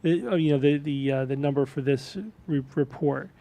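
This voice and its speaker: A man co-hosting a podcast, explaining things in an animated way and acting out quoted voices. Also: mid-range voice, normal speed, gravelly. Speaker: podcast co-host. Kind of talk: casual chat.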